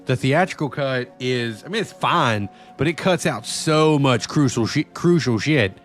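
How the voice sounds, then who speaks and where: A man's voice: medium pitch, expressive, measured pace, faint music behind. A man chatting casually with viewers during a live game stream, loose and profane, often rambling. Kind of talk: casual live-stream chat while gaming.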